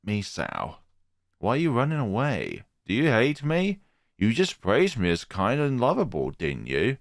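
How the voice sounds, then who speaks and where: A man voicing a creepy, obsessive male schoolteacher who speaks in a low, slow, menacing croon. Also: huge pitch swings, creaky, no echo, clean studio sound, full character voice. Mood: creepy adoring.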